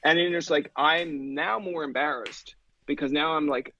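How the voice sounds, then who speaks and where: A man in his thirties from Newfoundland tells stories as a podcast guest, loose and profane, acting out everyone in them. His voice sits a little high with a gravelly edge. The recording is dull and dry. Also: fairly even intonation, moderate pace, pushed and bright, slight background noise. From Newfoundland, Canada. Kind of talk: casual storytelling chat.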